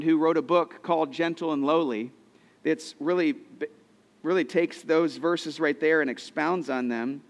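A man preaching a sermon as a pastor, earnest and storytelling, with frequent repeated phrases. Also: a little high.

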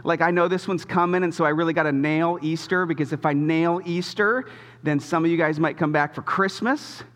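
A man in his thirties preaching a sermon as a pastor in a church, telling a story in a casual, animated, self-deprecating way. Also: a little high, brisk. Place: church auditorium. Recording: long reverb of a church hall.

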